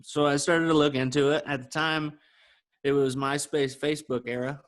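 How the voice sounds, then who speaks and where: At a moderate pace and a touch high in pitch, a man on a podcast he co-hosts tells a story about himself. It's casual chat, and he brings the quoted dialogue to life by acting out each person's part.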